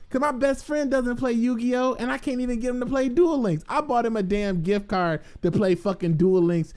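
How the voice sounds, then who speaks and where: Slow-talking profane man riffing to viewers. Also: high voice. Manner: profane, excitable, laughs often, streetwise slang. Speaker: gaming content creator. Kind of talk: casual rambling talk to viewers.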